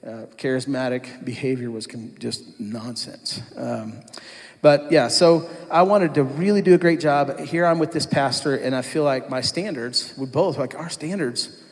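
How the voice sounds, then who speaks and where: A man's voice: medium pitch, a little slow. A man telling his personal testimony to a church congregation in a conversational storytelling way, acting out what others said. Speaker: church worship leader giving his testimony. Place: church sanctuary. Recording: long church-hall reverb.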